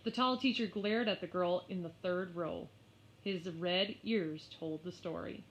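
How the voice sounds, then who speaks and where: A woman narrating a children's story aloud in an expressive, unhurried way. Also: lowish voice. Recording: slightly muffled lo-fi.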